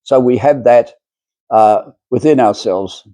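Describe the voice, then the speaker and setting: A man's voice: medium pitch, slow, warm tone, no echo. A man giving a spiritual lecture to a small group, talking in a rambling, hesitant way with many fillers and restarts.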